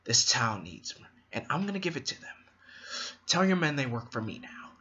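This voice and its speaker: A man doing the Joker, hushed and raspy. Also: very animated, moderate pace, lo-fi sound, slight background noise. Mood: threatening. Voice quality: low raspy half-whisper. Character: menacing scarred male criminal clown, unhinged.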